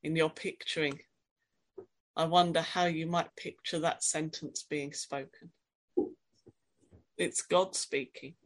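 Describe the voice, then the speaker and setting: A woman preaching a sermon, reflective and questioning, reading scripture in a quiet, dramatic voice. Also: low voice, steady tone, takes it slowly, long pauses.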